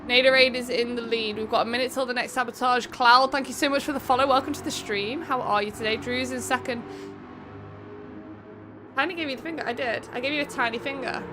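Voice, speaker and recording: Over background music, an English woman from England streams a racing game, her fairly high voice holding a steady tone. She hosts an online racing event, keeping up chatty, quick commentary and greeting viewers by name.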